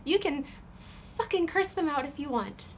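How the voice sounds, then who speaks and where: A woman's voice: high voice, animated, a little hiss or hum. A woman playing in a tabletop game, talking casually and unhurriedly. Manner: unhurried, easily amused. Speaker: player.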